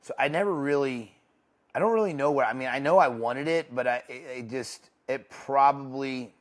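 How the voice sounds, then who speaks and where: Young guy being interviewed, halting, starts over a lot. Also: medium pitch. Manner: candid, halting, with frequent restarts. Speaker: guest. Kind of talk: casual interview talk. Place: ranch home.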